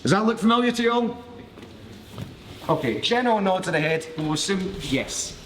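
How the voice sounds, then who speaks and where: Glaswegian guy teaching a grappling class, slightly high voice, cracks jokes and swears a lot. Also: expressive, normal speed, in a large hall, a little hiss or hum. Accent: Glaswegian Scottish. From Glasgow, Scotland. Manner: jokey, cheeky, swears freely. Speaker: martial arts instructor. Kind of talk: live class demonstration. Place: training mat with a class around him.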